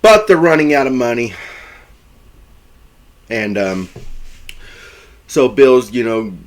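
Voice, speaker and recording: A man's voice: medium pitch, lively intonation, slow pace. A man casually retelling a film plot, rambling with many fillers and restarts. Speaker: film reviewer.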